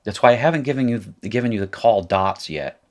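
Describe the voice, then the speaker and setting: A man's voice: medium pitch, lively intonation, brisk, a little mellow. A man teaching a language lesson at a board, patiently drilling forms aloud with wry asides. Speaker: Hebrew teacher. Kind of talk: classroom lecture at a whiteboard.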